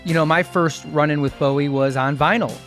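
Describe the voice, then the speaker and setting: A man's voice: fairly high pitch, steady tone, fairly quick, music in the background. A man hosting a podcast, reading a playful scripted introduction full of puns. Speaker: podcast host. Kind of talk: scripted narration.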